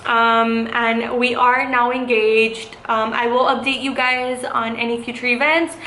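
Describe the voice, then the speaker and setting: A woman's voice: on the high side, little pitch movement, measured pace, sharp tone. A young adult woman vlogger telling a casual story, chatty and full of fillers like "like" and "um". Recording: echoey room with faint hiss.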